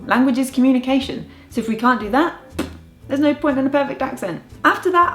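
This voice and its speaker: A woman's voice: fairly high pitch, darkish tone. A young woman with an English accent, a language coach talking playfully to camera in a casual vlog with dry jokes. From United Kingdom. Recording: echoey room with faint music.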